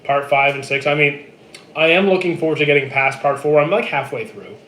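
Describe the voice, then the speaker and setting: A man in his thirties from Canada, chatting casually on a live stream and answering viewer comments in a relaxed, dry way. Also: fairly high pitch, fairly quick. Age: 30s. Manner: relaxed, dry, answers chat questions flatly. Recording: echoey room with faint noise.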